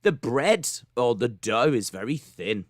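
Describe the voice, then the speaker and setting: A British man co-hosting a casual live podcast, joking at his partner's expense. His pitch swings widely as he tells a story. The sound is close and dry. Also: a little slow, no echo. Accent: British English. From United Kingdom. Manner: teasing, animated storyteller. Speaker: podcast co-host. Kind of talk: casual chat.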